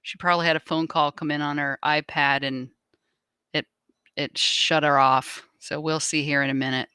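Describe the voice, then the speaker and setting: Low, crisp woman co-host. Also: flat delivery, normal speed, sharp tone, dry recording, clean studio sound. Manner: reassuring, direct to viewers. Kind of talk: live stream housekeeping.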